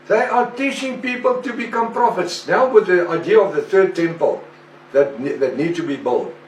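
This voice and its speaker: Man, preacher, slightly high voice, echoey room, faint background ambience. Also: far from the mic, slight background noise. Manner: slow and deliberate, with rhetorical questions. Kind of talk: sermon-style teaching monologue.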